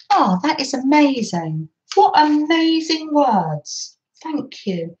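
Crafting at her desk, this woman speaks slowly in a high, slightly mellow voice that's very animated as she gushes over papers and coos at how lovely it all is. She's a craft vlogger, recorded lo-fi by a camera on the desk.

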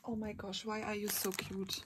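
A young woman in a casual unboxing vlog, gushing, giggling and often squealing in excitement. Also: medium pitch, normal speed. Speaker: vlogger. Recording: crinkling packaging noise behind. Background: bubble wrap and packaging crinkles.

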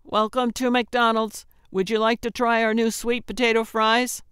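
A woman narrator voicing a male drive-through attendant through a speaker box, flat and scripted. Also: a little high, normal speed, smooth, no echo, studio quality, pitched above the performer's own voice, close to an everyday voice. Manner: emotionless, scripted.

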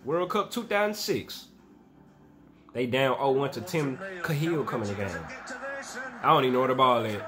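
A young man in his twenties hosting a reaction video, talking in casual slang and bursting into shouts and laughs at the highlights. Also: animated, moderate pace, long pauses, soft background music.

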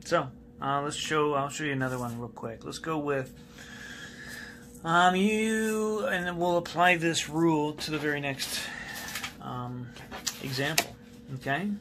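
A man with a bright, clear voice teaches a math lesson slowly and patiently. He repeats each step, checks in with his students, and writes as he explains. A faint hiss and the scratch of a pen sit behind his voice. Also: a little high, fairly even intonation. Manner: patient, repeats key steps, asks students questions. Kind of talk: recorded classroom math lesson.

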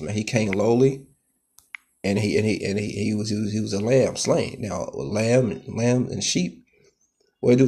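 A man preaching from scripture in a husky, somewhat low voice. He peppers his lines with "man" and "okay" and stumbles through restarts. He turns loud and heated at times. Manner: grows loud and heated, pitch rising sharply. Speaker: street preacher. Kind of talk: scripture teaching sermon.

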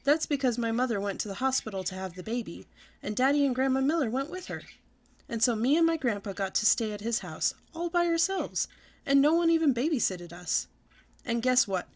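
A woman's voice: a little high, a little fast. Woman reading a children's story aloud. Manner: expressive, lively.

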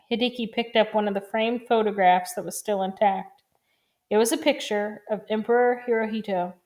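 A woman reading a novel aloud in a calm, even, measured way. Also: on the high side. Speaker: reader.

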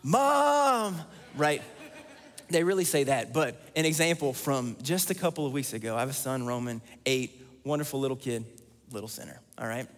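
A man's voice: medium pitch, a little fast. A man preaching a sermon as pastor, earnest and repeating key lines for emphasis. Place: church sanctuary. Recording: long church hall reverb.

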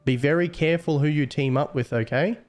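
Young guy, streamer-admin, fairly high voice, playful mocking tone, faint music underneath. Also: fairly quick, a little mellow. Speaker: game server admin streamer. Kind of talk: casual live-stream chat.

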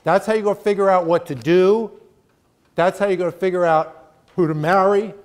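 A man's voice: high-pitched, fairly even intonation, moderate pace. Emphatic middle-aged male lecturer. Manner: emphatic, keeps checking in with "right?". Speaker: guest lecturer. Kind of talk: conversational college lecture.

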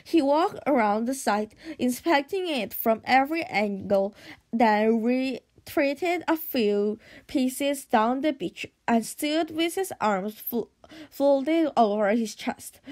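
A woman reading an audiobook aloud at a steady pace, with occasional stumbles and restarts. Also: sits high. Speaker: audiobook reader.

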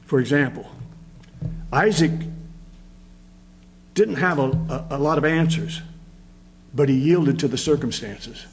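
A man's voice: medium pitch, unhurried, pauses often, soft background music, rough recording. A man with a Midwestern American accent preaching a sermon as pastor, emotional and rising to fervent emphasis.

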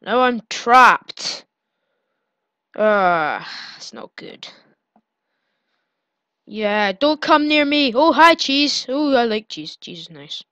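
Brief: woman channel host, playful game commentary, high voice, very unhurried delivery. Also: expressive, sharp tone, clean tone, dry recording, muffled recording. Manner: playful, pleading and gloating in turns. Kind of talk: gameplay commentary.

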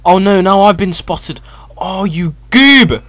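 A young man calls out a co-op game on a headset mic, laughing and shouting at his friend. His pitch sits a touch high and swings wildly from flat mutters to shrieks. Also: slow, a little hiss or hum. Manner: excitable, laughing, yelling at his teammate. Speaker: gaming channel host. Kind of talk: casual co-op gameplay commentary.

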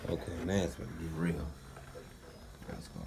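A man's voice: low-pitched, fairly even intonation, normal speed, heavy background noise. A man vlogging with his young son, talking in a playful, teasing way and coaxing the boy along. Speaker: vlogger dad. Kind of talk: casual family vlog chat.

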